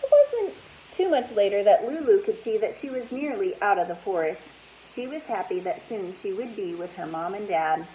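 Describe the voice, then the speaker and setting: A woman, a teacher, reading a storybook aloud in an animated way and asking her listeners questions. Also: medium pitch, normal speed, a little hiss or hum, rough recording.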